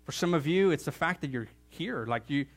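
A man preaching a sermon in church, animated, with joking asides and sudden jumps to a louder, higher voice for emphasis. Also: brisk. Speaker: pastor.

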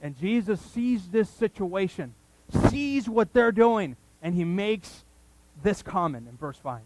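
A man preaching a sermon to his congregation, telling the story in an animated, joking way with many restarts. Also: high voice, takes it slowly, no room sound, low-quality recording. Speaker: pastor. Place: church service before a congregation.

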